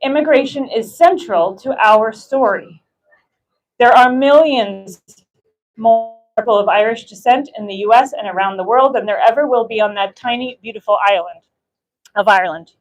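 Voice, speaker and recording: A woman's voice: a little high, normal speed, poor audio. Impassioned woman giving a rally speech. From United States. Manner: emphatic, repetitive build-ups. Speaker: rally speaker.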